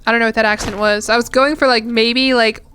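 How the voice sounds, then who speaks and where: A woman's voice: a little high, fairly even intonation, quick pace, a bit bright, soft background music. A young woman streamer chatting casually while gaming, rambling and self-deprecating.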